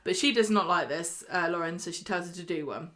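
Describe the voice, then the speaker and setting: A woman's voice: fairly low pitch, brisk, a bit bright. A woman co-hosting a podcast, chatting casually and laughing as she recaps a soap. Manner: chatty, laughing, slips into put-on voices. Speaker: podcast co-host.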